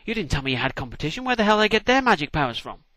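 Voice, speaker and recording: A man's voice: on the high side, very animated, very fast, pushed and bright, no room sound, pitched above the performer's own voice. A man voicing a flustered, exasperated male prophet who talks bluntly and colloquially.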